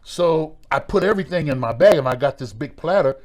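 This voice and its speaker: A middle-aged man, a former pro wrestler, telling stories in a relaxed interview, with a lively way of talking that acts out voices and repeats words. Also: on the high side, brisk. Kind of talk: storytelling in a podcast interview.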